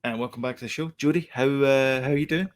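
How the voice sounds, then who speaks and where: Podcast co-host, male, mid-pitched, rambly and chatty. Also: steady tone, fast talker. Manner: chatty, rambling, self-correcting explanations. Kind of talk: casual chat.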